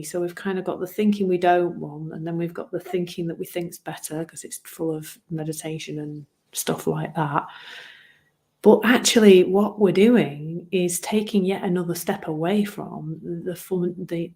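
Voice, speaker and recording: A woman with a slightly low voice talks through her old approach to coaching. She is earnest and a little self-deprecating, chuckling at herself and circling back over words as she gathers her thoughts. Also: warm tone. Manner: earnest, self-deprecating, laughs at herself, repeats words while searching for phrasing. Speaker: wellbeing coach. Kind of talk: reflective solo talk.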